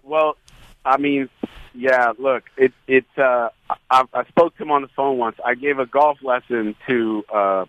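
A man, a guest, telling a story in an excited, rambling way with many restarts. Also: medium pitch, measured pace, dull audio. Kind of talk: casual storytelling chat.

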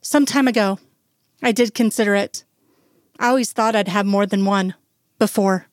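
A woman reading as Scully, soft and tearful. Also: mid-range voice, no room sound, clean studio sound, lightly acted. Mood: uncertain. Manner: soft, hushed, halting. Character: grieving, tearful woman, quietly anxious.

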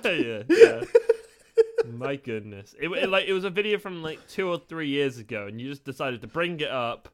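Smooth-voiced joking man. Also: on the high side, sing-song, moderate pace. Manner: joking, teasing, laughs often. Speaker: podcast co-host. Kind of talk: casual chat.

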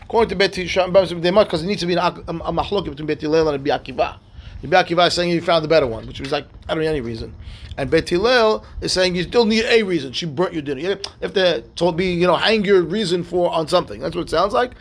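A man's voice: high voice, quick pace. A man, a rabbi teaching a daily Talmud class, reads Hebrew and Aramaic text and explains it in conversational English, often checking in with "right?" and "okay?".

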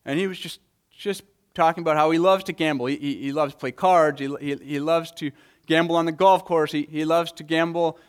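A man's voice: on the high side, fairly even intonation, fairly quick. A man preaching a Sunday morning sermon, earnest, often repeating words as he presses a point. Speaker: pastor.

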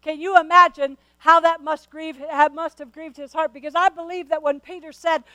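A woman preacher with a strikingly high voice delivers an earnest sermon. She questions her listeners directly and often restarts her phrases with stammers. The sound is close and dry. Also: fairly even intonation, normal speed, bright, forceful tone, no room sound, rough recording.

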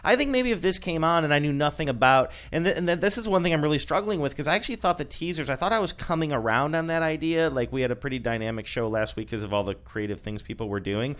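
A man's voice: a little high, expressive, quick pace, hardly any pauses, a bit bright. A man co-hosting a casual chat, thoughtful and prone to restarting his sentences. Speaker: podcast co-host. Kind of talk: casual chat reviewing commercials.

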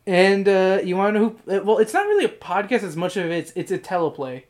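A man's voice: high-pitched, fast talker. Rambling, swearing man on a podcast. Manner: rambling, swears a lot, laughs often. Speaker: podcast host. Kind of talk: casual chat.

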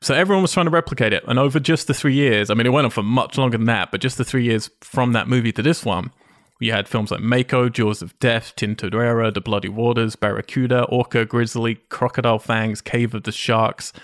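A man's voice: medium pitch, brisk, dry recording, studio quality. A man co-hosting a casual podcast, chatty and laughing often, swearing freely. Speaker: podcast co-host.

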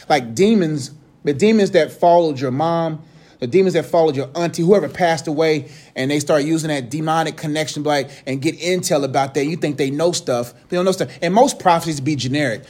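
Young male preacher, high voice, slangy and joking, casual Bible-study delivery. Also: darkish tone. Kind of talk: casual sermon.

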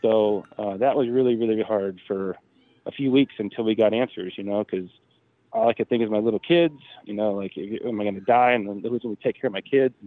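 A man's voice: lowish voice, a little fast, dry recording. A man in his thirties, a podcast guest, casually telling a personal story and acting out the dialogue. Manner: animated retelling, acting out quoted dialogue. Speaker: podcast guest, drag racer. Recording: tinny phone-line sound.

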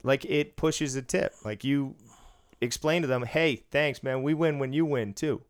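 A man co-hosting a casual podcast, swearing freely and speaking bluntly between bursts of laughter. His voice sits at an ordinary middle pitch. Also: measured pace, clean tone. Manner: profane, blunt, laughs often. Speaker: podcast co-host. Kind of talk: casual chat. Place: studio room.

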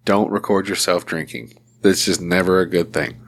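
A man's voice: low voice, steady tone, normal speed. A man co-hosting a podcast, talking in crude, casual banter, swearing freely and mocking others. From Arkansas, United States. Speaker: podcast co-host.

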